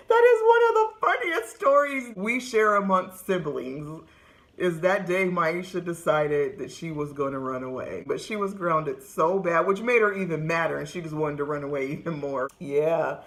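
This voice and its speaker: A woman from California telling funny childhood stories straight to the camera, laughing often and acting out what people said. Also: on the low side. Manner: laughs often, lively retelling with acted quotes. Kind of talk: casual storytelling to camera. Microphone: camera close-up.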